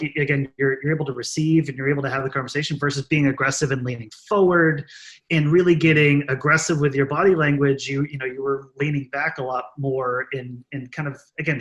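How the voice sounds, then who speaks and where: A man's voice: on the high side, a bit bright. A man co-hosting a podcast, talking hesitantly with many restarts. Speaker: podcast co-host. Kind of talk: conversational podcast chat.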